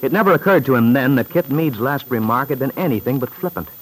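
A man narrating a radio drama in measured, even storytelling style. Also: mid-range voice, slightly rough. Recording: scratchy old radio broadcast.

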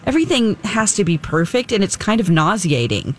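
A woman's voice: medium pitch, a little fast, a little hiss or hum. A woman co-hosting a radio talk show, telling a story animatedly and acting out what people said. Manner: animated, laughing, acting out quoted lines.

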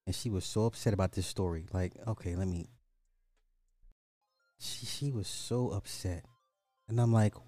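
A man with a fairly low voice talks through a news story on his podcast. He reads passages aloud, then cuts in with loose, sarcastic commentary. The sound is dry and close, with faint music underneath. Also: dark tone, dry recording. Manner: sarcastic, jokey, reads articles aloud with asides. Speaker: podcast host.

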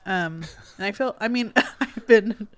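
A woman's voice: medium pitch, unhurried, fairly bright tone. A woman co-hosting a podcast in casual chat, hesitant, with many fillers and restarts. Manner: hesitant, many ums and restarts, laughs easily. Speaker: podcast co-host.

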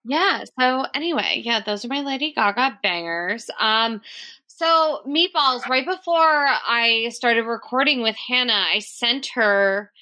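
A woman's voice: fairly high pitch, animated, unhurried. A woman hosting a podcast, chatting casually with lots of fillers. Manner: chatty, many fillers, warm-hearted reading. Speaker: podcast host.

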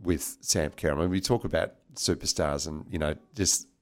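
A man interviewing a footballer, encouraging and quick with "yeah" backchannels. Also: extremely low pitch, fairly even intonation. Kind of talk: casual interview.

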